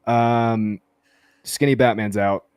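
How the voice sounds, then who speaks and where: A man's voice: medium pitch, steady tone, takes it slowly, darkish tone, clear, resonant tone, no echo, clean studio sound. A man hosting a casual sports podcast, reading out listener questions and answering them playfully. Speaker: podcast host. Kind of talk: casual live Q&A chat.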